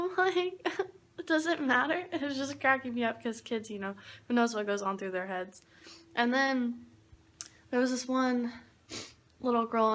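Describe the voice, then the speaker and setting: Young woman, casual vlogger, bright-ish higher voice, chatty storyteller. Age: young adult. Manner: chatty, storytelling, laughs easily. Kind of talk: casual vlog chat.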